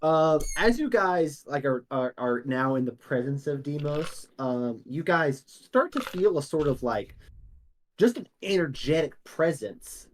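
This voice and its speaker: A man's voice: on the high side, expressive, unhurried, slight background noise. A young man narrating casually as game master, with many fillers.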